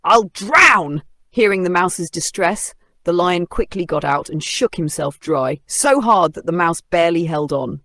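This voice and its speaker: Gravelly kids story narrator, expressive, dry close mic. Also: medium pitch, normal speed, few pauses, no echo.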